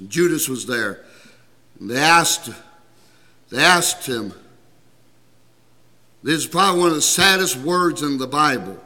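A man's voice: a little high, in a large hall. A man preaching a sermon to a congregation, emphatic and calling out for amens as he explains scripture. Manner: emphatic, calls for amens, rising to shouts.

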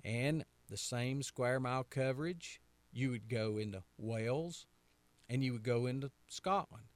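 A North Carolina pastor with a Southern American accent hosts a radio talk in a folksy way, repeating phrases and posing rhetorical questions. His medium-pitched voice is a little slow, with no room sound.

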